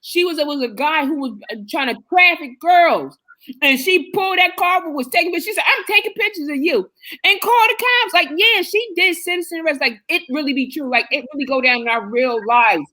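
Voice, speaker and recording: A woman with a high voice tells stories with a lot of animation, using slang in an easygoing way. She talks in casual chat on a livestream. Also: fairly quick, pushed and bright.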